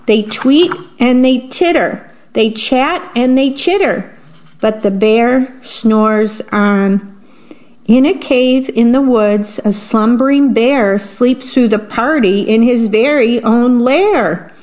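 A woman reading picture books aloud to children in a gentle manner, pausing to describe the pictures. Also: on the high side. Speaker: storybook reader. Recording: dull lo-fi recording.

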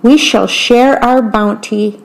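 A woman reading aloud, voicing a kindly old witch woman in a raised, brisk voice. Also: on the high side, steady tone, vocal fry, low-quality recording. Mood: cheerful.

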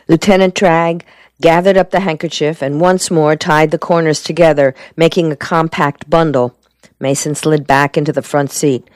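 Male reader for an audiobook, mid pitch, measured delivery, dry sound. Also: steady tone, dry recording. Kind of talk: audiobook reading.

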